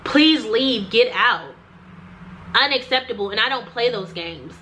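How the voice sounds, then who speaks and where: A woman's voice: a little high, expressive, a little slow, sharp tone, slight background noise, poor audio. A young woman vlogger recounting a personal story to the camera, emphatic and repetitive, talking straight to her viewers.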